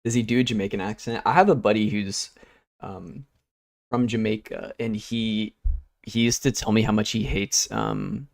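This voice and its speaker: A man's voice: on the low side, expressive, moderate pace, gravelly, dry recording, clean studio sound. A young man streaming, chatting casually and rambling while he works, with easygoing talk and casual swearing. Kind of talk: casual chat while working.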